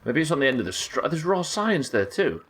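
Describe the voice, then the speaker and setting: Playing a game on a live stream, this young man from Yorkshire, England swears casually and talks with his chat in his local accent. He sounds very animated, fairly high-pitched, a bit bright, and a little fast.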